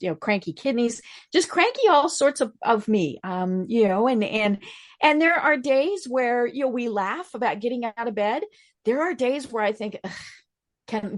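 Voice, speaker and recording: An older woman talking casually as a podcast guest, chatty and rambling, with many fillers and restarts. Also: medium pitch. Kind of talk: casual interview chat.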